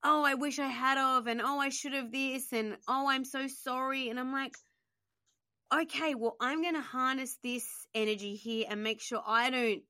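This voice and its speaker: A woman hosting an interview, talking fast and emotionally with lots of fillers while grieving. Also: sits high, steady tone, pushed and bright, dry recording, clean studio sound. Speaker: podcast host.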